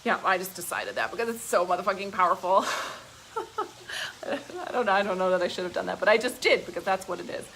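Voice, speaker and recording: A woman business coach on a live stream, giving an excited, profane pep talk to her audience, heavy on emphasis and filler words. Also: medium pitch, fast, vocal fry, a little hiss or hum, low-quality recording. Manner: excited and gushing.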